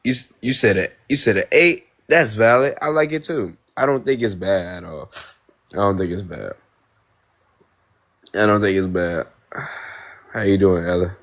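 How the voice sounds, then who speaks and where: A man's voice: on the low side, a little slow, long pauses, fairly bright tone. A young man from Ohio chatting casually with viewers on a live stream, laid-back slang, repeating himself, on a phone mic. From Ohio, United States.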